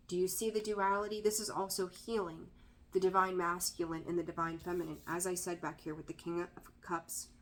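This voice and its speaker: A woman giving a casual tarot reading to camera, direct and emphatic, repeating her key points and dropping candid, slightly profane asides. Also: medium pitch. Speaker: tarot reader.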